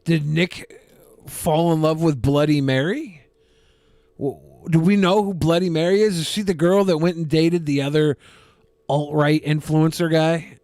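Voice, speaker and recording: A man's voice: a little high, fairly even intonation, a little slow, darkish tone, no echo. A man co-hosting a podcast, making sarcastic, insulting jokes in casual banter. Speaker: podcast co-host.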